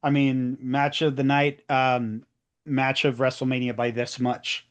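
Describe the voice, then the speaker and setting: A man's voice: medium pitch, level tone, unhurried. A man co-hosting a casual review chat, eager and explanatory. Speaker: podcast co-host.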